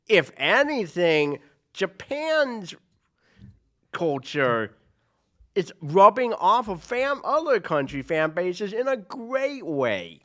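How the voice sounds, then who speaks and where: A man co-hosting a casual sports chat show, easygoing, with quick asides and long run-on sentences. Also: high-pitched, big pitch swings, bright, forceful tone. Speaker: sports podcast co-host.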